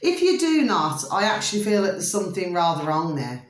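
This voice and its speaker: A woman's voice: on the low side, big pitch swings, a little fast. A woman, host of her own channel, chatting to her viewers in a rambling, fond way, full of endearments and repeats. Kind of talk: rambling casual monologue to viewers. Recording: roomy echo.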